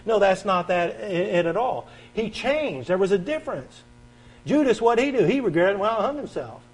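A man preaching a sermon, reading scripture aloud and swinging from forceful stresses to quiet, earnest stretches. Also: expressive, moderate pace, breathy edge, low-quality recording. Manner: emphatic, swings between loud stresses and quiet earnest lows; reads scripture aloud and invites the congregation to turn pages.

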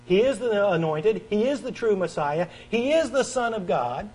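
A man preaching a sermon, reading scripture aloud and swinging from forceful stresses to quiet, earnest stretches. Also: lively intonation, normal speed, breathy edge, poor audio. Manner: emphatic, swings between loud stresses and quiet earnest lows; reads scripture aloud and invites the congregation to turn pages.

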